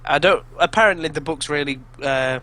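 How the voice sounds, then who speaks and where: A man's voice: fairly high pitch, a little fast, pushed and bright. A young man co-hosting a casual podcast among friends, rambling with frequent restarts and laughing mid-sentence. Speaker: podcast co-host.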